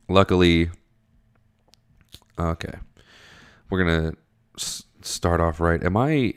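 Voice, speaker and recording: A man casually reading a webcomic aloud and commenting on it. He swears freely, rambles, and sounds tired in the early morning. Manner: profane, rambling, jumps high when surprised. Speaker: webcomic reader.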